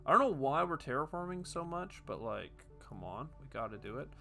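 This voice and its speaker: A man talks his way through a strategy game in a loose, chatty commentary, tossing off jokey asides to himself. His voice is bright and forceful, and faint game music runs under it. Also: a little high, very animated, brisk, creaky. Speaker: gaming video host. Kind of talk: casual gameplay commentary.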